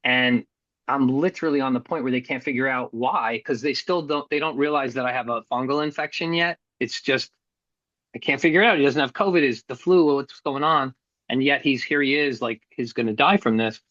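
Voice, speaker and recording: A man's voice: medium pitch, brisk, fairly bright tone, no echo, dull audio. A middle-aged man telling a hard personal story as a guest, earnest and blunt, with some casual swearing. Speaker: podcast guest.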